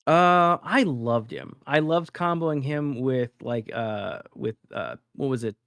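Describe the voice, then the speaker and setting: A man speaking as a guest artist in a casual interview, relaxed and hesitant, with many fillers. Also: medium pitch, slow, vocal fry, clean tone, dry recording, studio quality.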